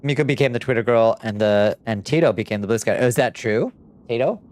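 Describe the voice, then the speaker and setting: A man's voice: medium pitch, fairly quick, darkish tone. A man chatting casually on a live stream, swearing freely and cooing at his cat between remarks.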